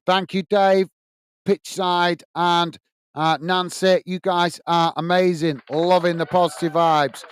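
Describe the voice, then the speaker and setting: This UK host's voice sits high with little pitch movement, and he speaks slowly in a clean tone with no echo. During a live football watch-along he cheerfully reads viewer messages and calls the play.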